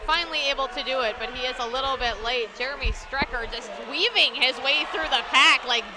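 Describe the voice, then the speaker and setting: Upbeat higher-voiced woman calling roller derby. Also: fairly quick. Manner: enthusiastic, reads sponsor plugs. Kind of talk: live sports commentary. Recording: noisy arena broadcast feed.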